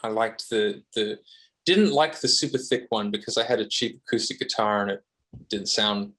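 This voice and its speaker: A man's voice: lowish voice, moderate pace, fairly bright tone, breathy edge. A man with an Australian accent, a guest guitarist on a podcast, talking casually and self-deprecatingly with lots of fillers and restarts.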